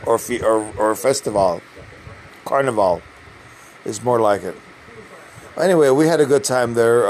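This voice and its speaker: A man's voice: medium pitch, a little hiss or hum, low-quality recording. An older man, a navy submarine veteran, telling casual stories in a rambling way, with frequent restarts and fillers. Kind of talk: casual storytelling.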